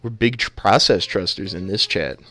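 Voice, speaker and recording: A man's voice: low voice, moderate pace, sharp tone. A man casting a video game match live, trading playful jokes with his co-caster. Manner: joking, playful banter. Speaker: esports caster.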